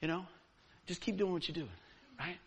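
A man voicing a kind youth baseball coach who speaks gently and quietly. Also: sits high, moderate pace, gravelly, husky, full character voice. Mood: gentle.

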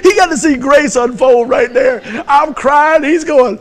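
Male pastor, middle-aged, high-pitched, animated sermon delivery with loud bursts and soft asides. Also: moderate pace. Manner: animated storytelling with laughter and loud peaks.

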